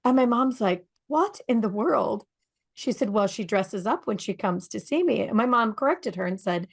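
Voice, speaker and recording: A woman co-hosting a radio talk show, talking in a lively storytelling way and asking her listeners rhetorical questions. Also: on the high side, moderate pace. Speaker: podcast co-host.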